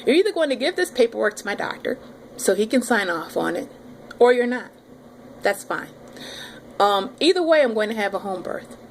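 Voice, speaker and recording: A pregnant woman in her thirties telling her audience a story in a casual, animated vlog. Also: a little high, normal speed, long pauses, a little hiss or hum. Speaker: vlogger.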